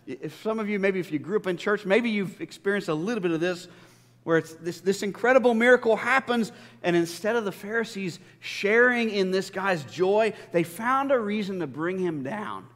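A man's voice: high-pitched, expressive, normal speed, fairly bright tone. A male pastor giving a conversational, emphatic sermon full of stories. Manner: conversational, emphatic preaching with storytelling. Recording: long reverb of a large church hall.

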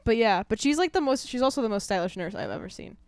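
A woman's voice: fairly high pitch, animated, fast talker, clean tone, no echo, clean studio sound. A woman co-hosting a podcast, talking casually about films in an upbeat, chatty way full of fillers. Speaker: podcast co-host. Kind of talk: casual film review chat.

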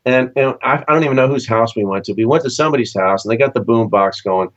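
A man's voice: fast, highs cut off. A man from Southern California, a session musician, telling long casual stories in an interview and acting out the voices of people he quotes. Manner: animated storyteller, acts out quoted voices with big pitch jumps.

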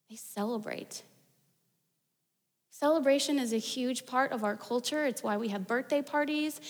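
A woman's voice: high voice, fairly bright tone, big-room sound. A woman pastor from the United States preaching a sermon in a chatty, storytelling way. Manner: conversational, storytelling with fillers like "like".

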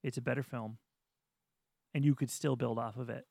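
A man co-hosting a casual podcast chat, ranting with animated energy and mocking studio executives in voiced asides. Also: medium pitch, moderate pace, creaky, no room sound. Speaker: podcast co-host.

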